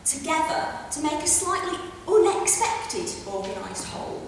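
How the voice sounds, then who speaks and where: A woman's voice: high-pitched, big pitch swings, gravelly, recorded from a distance, slight background noise. Chatty woman in an echoey hall. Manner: chatty, brash, quick asides. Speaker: stand-up science comedian. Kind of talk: stand-up comedy lecture. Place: theatre stage before a live audience. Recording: echoey hall recorded from afar.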